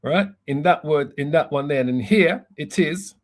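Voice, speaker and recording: Male bishop, higher-pitched, casual teaching tone. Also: measured pace. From United Kingdom. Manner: laughs at himself, stumbles over pronunciations. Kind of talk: Bible teaching.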